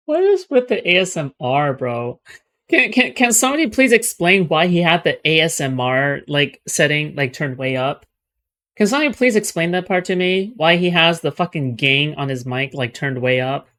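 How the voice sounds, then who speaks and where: A man's voice: a little high, big pitch swings, normal speed, a bit bright. Male co-host, casual reaction chat, incredulous and profane. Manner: incredulous, profane, laughing asides.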